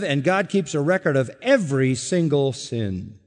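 A male pastor delivering a sermon with a slightly high voice. He is emphatic and insistent, repeating key lines for weight, and his voice carries a long reverb from a large hall. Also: expressive, normal speed.

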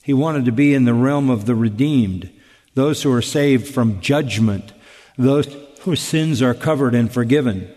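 A man preaching an expository sermon, emphatic and deliberate, asking rhetorical questions and repeating key phrases. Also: medium pitch, a little mellow, in a large hall. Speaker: pastor.

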